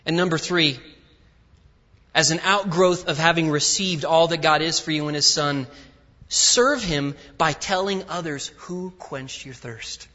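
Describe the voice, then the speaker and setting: A fairly high-voiced man preaching a sermon in a large church, his words ringing out into a long hall reverb. He swings from loud, emphatic peaks down to hushed, intimate asides. The sound is slightly dull and muffled. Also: unhurried. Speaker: guest preacher.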